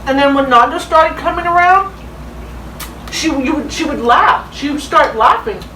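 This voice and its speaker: A mother steers a casual family chat over a meal and prompts the others to tell their stories. Her voice sits high. She sounds distant, in a roomy space with faint noise. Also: moderate pace, sharp tone. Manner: leads the talk, prompts others to share stories. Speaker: mother, family channel host.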